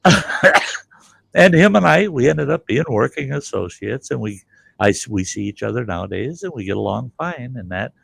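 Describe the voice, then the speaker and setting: A man's voice: medium pitch, lively intonation, normal speed, gravelly, a bit bright, breathy edge, no room sound. An older man hosting a livestream, bluntly telling a story and acting out both sides of the argument. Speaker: livestream host. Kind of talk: casual storytelling.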